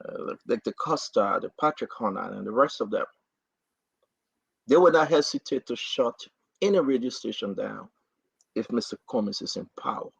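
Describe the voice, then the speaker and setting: A man hosting a talk show, giving impassioned, repetitive political commentary in a husky, gravelly voice. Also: mid-range voice, normal speed, no echo. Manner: repetitive, rising to animated outbursts. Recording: dry, dull lo-fi audio.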